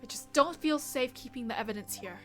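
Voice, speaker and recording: A woman reading a gentle older sister. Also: high-pitched, animated, a little fast, faint music behind. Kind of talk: reading game dialogue aloud.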